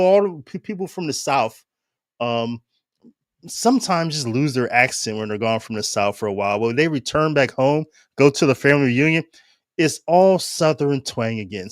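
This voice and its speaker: A male show host from Ohio talks in casual commentary. His pitch is fairly high and jumps around a lot. He laughs often, and the mic sound is close and dry. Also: no echo. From Ohio, United States. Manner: animated, laughs often, restarts phrases.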